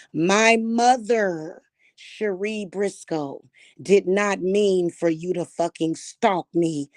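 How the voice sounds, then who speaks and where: A woman rants to camera, cursing and hurling insults that swell into shouts. Her delivery is slow and drawn out. The sound is close and dry, with no room around it. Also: lowish voice, no echo. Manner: profane, shouting at times, repeating insults. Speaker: spiritual vlogger. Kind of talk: angry rant to camera.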